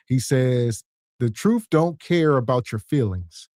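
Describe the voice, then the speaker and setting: A man's voice: medium pitch, lively intonation, slow, darkish tone, dry recording, studio quality. A man co-hosting a podcast, reading viewer comments out in a laid-back, wry way. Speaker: podcast co-host.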